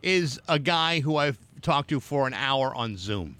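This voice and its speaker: A man's voice: medium pitch, animated, measured pace, pushed and bright, clear, resonant tone, no room sound. A man co-hosting a casual podcast chat, wry and teasing, often restarting his sentences. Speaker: podcast co-host.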